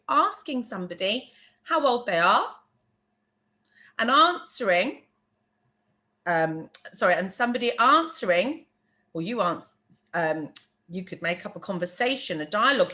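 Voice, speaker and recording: Woman, French teacher, slow and patient, bright voice, swooping pitch, chatty asides. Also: big pitch swings. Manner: patient, repeats phrases slowly and clearly; chatty asides and quick apologies. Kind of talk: teaching a beginner language lesson.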